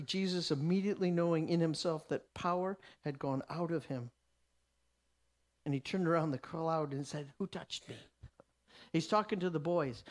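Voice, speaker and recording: Brief: male Bible teacher, emphatic sermon delivery, frequent restarts. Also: high-pitched.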